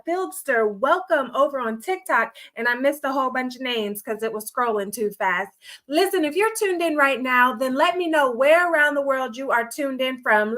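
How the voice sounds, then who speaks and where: A woman's voice: sits high, fairly bright tone. A woman hosting a nightly devotional livestream, greeting viewers by name in a casual, folksy way and a little out of breath. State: a bit out of breath.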